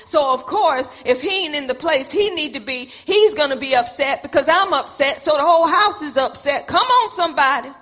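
A woman's voice: sits high, lively intonation, moderate pace, hardly any pauses, a bit bright. A woman preaching a sermon, folksy and calling on the congregation for responses. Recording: echoey hall with long reverb.

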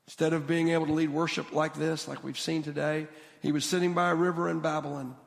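A man preaching a sermon as a guest speaker in a church, animated and quick to restart his sentences. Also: sits high, gravelly, in a large hall. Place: church sanctuary.

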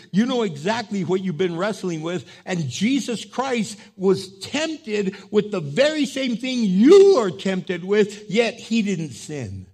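High-pitched guy preaching, swings loud to hushed, acts out little voices. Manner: acts out voices of people and God. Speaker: pastor. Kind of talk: sermon. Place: church.

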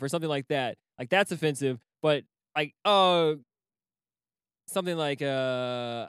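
A man's voice: mid-range voice, normal speed, fairly bright tone, clear, resonant tone, dry recording, clean studio sound. A man co-hosting a casual podcast chat, rambling, swearing freely and laughing often. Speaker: podcast co-host.

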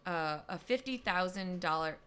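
A woman's voice: on the low side, animated, fairly bright tone, clean tone. A young woman co-hosting a podcast, telling a story in a casual chat with lots of fillers. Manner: chatty, lots of fillers and quick asides.

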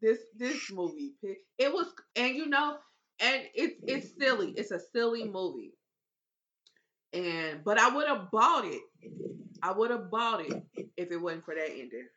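A woman co-hosting a casual movie review podcast, recounting a film's plot with animated exasperation and plenty of swearing. Her voice has a bright, forceful tone at a middle pitch. The recording is dull and lo-fi. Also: measured pace.

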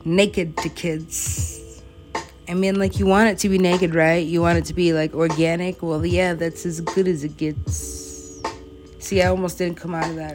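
A young woman freestyle rapping and rambling to herself, giggling often and chatting with the beat between rhymes. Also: fairly low pitch. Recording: beat playing loudly behind.

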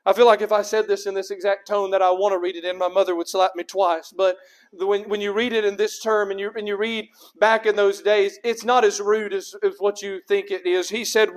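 A male pastor preaching a sermon, driving his points with rhetorical questions and swings between loud emphasis and quiet. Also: high voice, level tone, a little fast.

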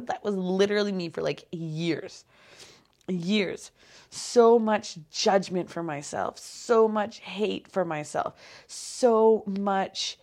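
Her voice is fairly low and a little mellow: a young podcast host, just up and yawning, delivering a casual solo monologue. She wanders from point to point with self-deprecating humor, many fillers, and sudden whispers.

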